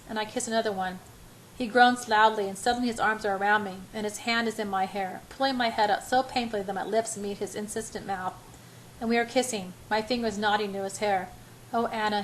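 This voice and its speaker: A woman's voice: medium pitch, a little hiss or hum, low-quality recording. A woman reading a first-person romance novel aloud in a breathless, emotional way. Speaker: audiobook reader.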